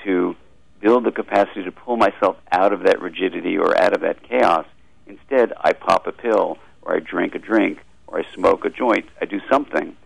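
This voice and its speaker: A middle-aged man, a psychiatrist, explaining ideas on a radio interview in a fluent, measured way. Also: sits low, creaky, breathy edge, no echo, low-quality recording. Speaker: guest expert, psychiatrist.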